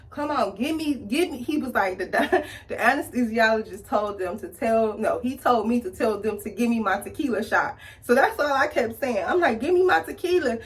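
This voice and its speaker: Chatty woman vlogger telling a story over her makeup, animated, acting out every voice in it, higher-pitched and a little off-mic. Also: recorded from a distance. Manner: animated, acts out quoted people with big pitch jumps. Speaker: beauty vlogger. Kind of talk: casual storytelling while doing makeup.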